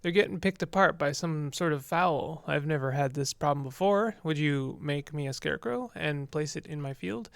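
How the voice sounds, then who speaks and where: A man reading aloud the lines of a weary woman farmer in a game, quiet and plain. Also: on the high side, normal speed, vocal fry, hardly any pauses, clean tone, no echo.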